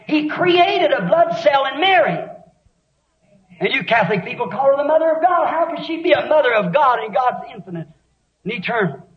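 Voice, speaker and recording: A man preaching a sermon with fervent intensity, often shouting and then dropping low for dramatic effect. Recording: dull lo-fi old sermon recording.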